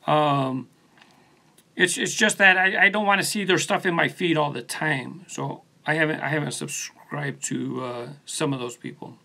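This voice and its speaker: Gravelly, bright-voiced man chatting loosely. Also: on the high side, normal speed. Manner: laid-back, rambling, answers viewers by name. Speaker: channel host. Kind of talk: casual live stream chat reading comments. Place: his studio. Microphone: phone on a post.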